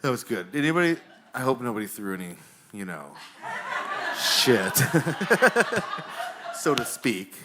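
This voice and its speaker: A man hosting a live comedy show on a bar stage, directing the audience in a rambling, halting, jokey way with lots of fillers. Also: on the low side, expressive, background noise.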